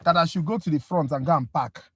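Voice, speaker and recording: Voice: medium pitch, fast talker, fairly bright tone, breathy edge, dry recording. Casting: chatty, exasperated livestream tutor, direct with viewers, dry close sound. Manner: exasperated, talkative rant; direct, addresses viewers as guys. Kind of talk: casual livestream review class.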